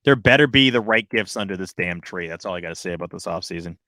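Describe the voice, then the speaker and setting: A young man co-hosting a casual sports podcast, excitable and swinging between loud bursts and quieter asides. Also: sits low, fast talker, no room sound, clean studio sound. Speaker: podcast co-host.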